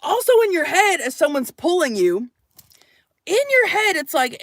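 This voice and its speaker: A young woman telling a story to her camera from inside her minivan, jumping between loud acted quotes and hushed asides. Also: very high voice, big pitch swings, unhurried, no room sound, clean studio sound. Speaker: vlogger.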